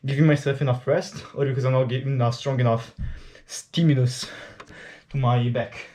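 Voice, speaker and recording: An Italian-accented man talks to his viewers while working out, loose and rambling, dropping casual swear words as he thinks aloud. His voice sits mellow and warm, never bright, at an ordinary middle pitch. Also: steady tone, moderate pace, a little hiss or hum. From Italy. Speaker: fitness vlogger. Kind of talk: casual chat to camera during a workout.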